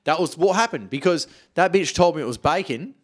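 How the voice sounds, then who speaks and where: Profane ranting man, lively voice. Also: fairly high pitch, brisk. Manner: blunt, heavily profane, animated ranting. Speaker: podcast co-talker. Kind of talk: casual podcast chat.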